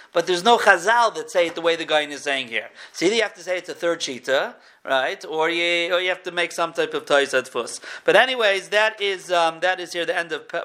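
A man's voice: on the high side, pushed and bright. A man teaching a weekly text class in a conversational way, correcting himself as he goes and mixing Hebrew terms into his English. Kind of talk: textual study lecture.

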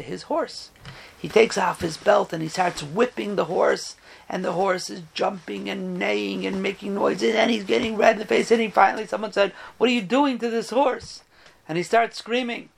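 High-voiced man telling a parable. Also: vocal fry. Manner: animated storyteller, voices the characters. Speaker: rabbi giving a Torah talk. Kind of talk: storytelling sermon.

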